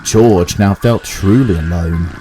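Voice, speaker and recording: A man narrating a spooky children's engine story with expressive delivery. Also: low-pitched, takes it slowly, low-quality recording. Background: background music.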